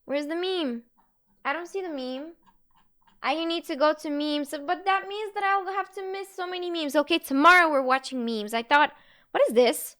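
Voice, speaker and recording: A woman's voice: high voice, normal speed, fairly bright tone. A young woman streaming live, chatting casually with her viewers, giggling often and answering chat messages as they come in. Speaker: Twitch streamer.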